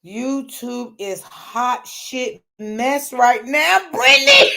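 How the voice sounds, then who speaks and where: A woman's voice: high voice, gravelly, bright, forceful tone, slight background noise. Laughing woman hosting a live stream. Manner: laughs often, calls on the Lord, swears freely. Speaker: live stream host reading chat. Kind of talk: casual live stream chat.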